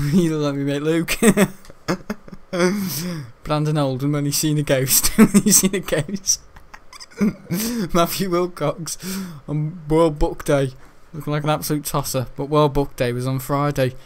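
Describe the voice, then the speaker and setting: A young man giving crude, excitable gaming commentary, often laughing. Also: on the high side. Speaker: gaming channel host.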